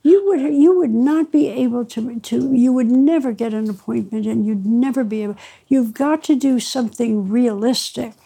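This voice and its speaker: A man's voice: very high-pitched, moderate pace, creaky, mellow, husky, full character voice, rough recording. A woman quoting an older male department head who lectures her in an incredulous tone.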